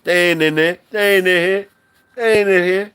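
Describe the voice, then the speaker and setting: A man's voice: high-pitched, steady tone, moderate pace, fairly bright tone, clean tone. A man hosting a live stream in loose, profane, repetitive banter with his chat, talking on a mic from his workplace.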